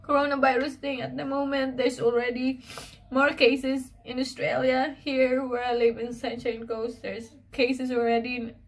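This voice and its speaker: Filipino woman vlogger, slightly high voice, tearful and halting, talking to camera at home. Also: level tone. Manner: hesitant, halting, many fillers and restarts. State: emotional, close to tears. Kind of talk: personal video diary.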